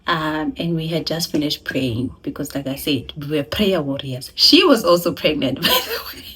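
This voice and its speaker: Young woman, South African accent, casual storytime vlog, animated and laughing, slightly low, a bit husky. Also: moderate pace. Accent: South African (Sesotho-speaking). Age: young adult. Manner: animated, laughing, switching between languages. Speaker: vlogger.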